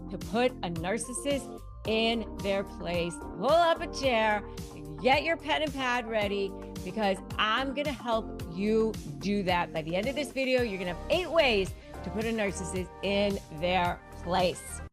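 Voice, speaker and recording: A woman's voice: mid-range voice, expressive, measured pace, over music. A middle-aged woman, a lawyer and negotiation coach, giving emphatic, repetitive advice straight to camera. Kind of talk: direct-to-camera advice talk.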